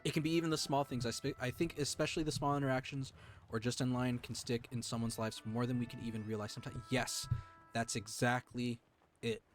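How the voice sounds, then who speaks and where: A male streamer talks to his chat in an earnest, emotional way and stops often to restart his sentences. His pitch sits in the middle range. Soft music plays behind him. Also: flat delivery, fairly quick. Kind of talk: heartfelt live-stream talk to chat.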